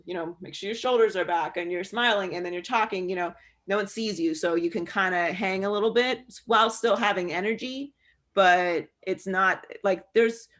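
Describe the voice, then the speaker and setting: Speaking in a mid-range voice, a female sports broadcaster fields students' questions over a video call. Her answers are candid and relaxed, sprinkled with plenty of fillers.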